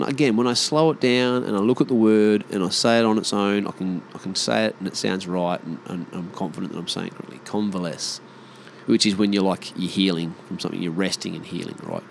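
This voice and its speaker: A man's voice: fairly low pitch, vocal fry, slight background noise. A man with an Australian accent, rambling in a casual monologue and ranting bluntly with plenty of swearing.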